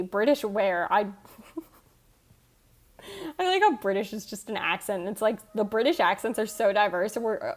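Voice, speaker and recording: An American woman with a Michigan accent, chatting casually on a livestream and answering her chat in a chatty, self-teasing way. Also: medium pitch. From United States. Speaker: streamer. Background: faint background music.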